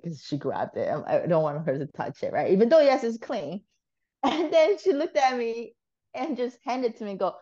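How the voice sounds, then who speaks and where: Low-voiced woman telling a lively story. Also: normal speed, muffled recording. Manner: animated, swears freely, laughs often. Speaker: podcast guest. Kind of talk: casual storytelling.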